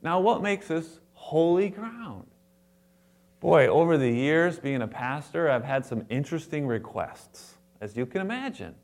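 Animated pastor preaching a lively sermon. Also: male voice, a little high, unhurried. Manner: animated, acts out quotes with playful asides. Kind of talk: sermon to a congregation.

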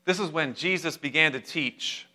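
A young adult man preaching a sermon as pastor, animated and humorous, speaking directly to his congregation. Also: on the high side, moderate pace.

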